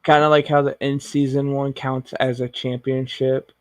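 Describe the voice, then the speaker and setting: A laid-back man chatting casually about sports, mostly with short replies. His voice stays flat with little rise and fall, and the recording sounds dry and close. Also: medium pitch, moderate pace, clean tone, no room sound. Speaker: podcast co-host.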